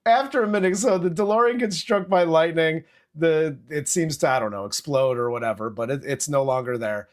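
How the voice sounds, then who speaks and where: A man hosting a movie-review podcast, recapping scenes in a profane, animated casual chat. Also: fairly high pitch, brisk, hardly any pauses. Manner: profane, animated retelling with acted quotes.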